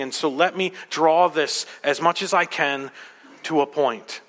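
Man preaching, bright voice, loud then hushed, big echoey church. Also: on the high side, steady tone, unhurried. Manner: dramatic, swinging from loud exclamations to hushed asides. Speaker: pastor. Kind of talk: sermon. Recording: long hall reverb.

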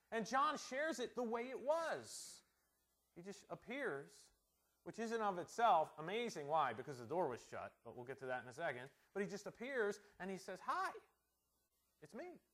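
High-voiced preacher asking rhetorical questions. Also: male voice. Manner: conversational, rhetorical questions, swings from loud to soft. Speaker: pastor. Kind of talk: sermon.

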